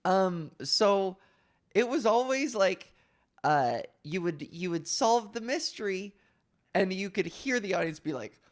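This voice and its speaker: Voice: medium pitch, expressive. Young comedian host rambling thru a story, swears a lot, slips into silly voices, casual podcast chat. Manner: profane, rambling, drops into quick put-on voices.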